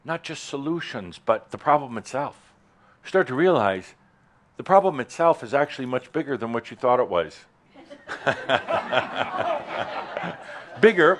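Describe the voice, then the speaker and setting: A man giving a spiritual talk to a live audience in a hall, playful and provocative, with big sudden leaps in pitch and loudness. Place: warm hall with doors, in front of an audience.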